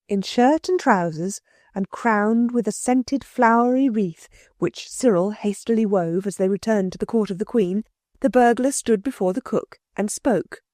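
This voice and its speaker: A woman narrates a classic storybook in a steady, even reading voice. Her pitch sits in the middle. The sound is dry and close. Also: measured pace, no echo. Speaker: audiobook reader. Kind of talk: scripted narration.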